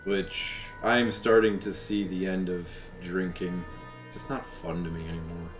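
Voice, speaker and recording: Male streamer, very deep voice, loose candid chat full of fillers, roomy sound. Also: level tone, measured pace. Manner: rambling, candid, heavy on fillers. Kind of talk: casual live-stream chat. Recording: roomy echo, faint game music. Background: faint game music.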